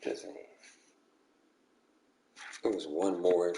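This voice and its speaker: A man with a low, steady, mellow voice speaks slowly while chatting with friends in an online game league. The talk is casual, slangy, and repetitive, leaning on "bro" and "come on."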